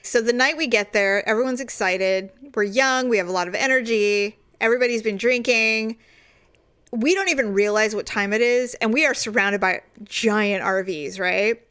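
Woman co-host with a fairly high voice, casual chat, lively anecdote-teller who acts out the voices. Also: moderate pace, clear, resonant tone. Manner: animated storyteller acting out quoted voices.

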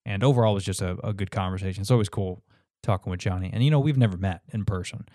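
A man's voice: sits low, racing, warm tone, dry recording, clean studio sound. A man hosting his podcast in casual chat, laid-back, with lots of fillers and swearing. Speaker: podcast host.

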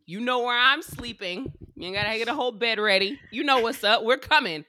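A woman's voice: fairly high pitch, brisk, sharp tone, no room sound, clean studio sound. A woman co-hosting a casual chat with friends, blunt and profane, teasing with affection.

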